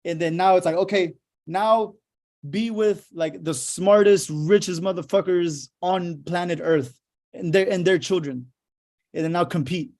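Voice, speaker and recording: A man's voice: high-pitched, measured pace, darkish tone. Profane, fired-up man from Houston. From Houston, Texas. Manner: profane, emphatic, fired-up storytelling. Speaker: lawyer giving a motivational talk. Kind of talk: casual motivational talk.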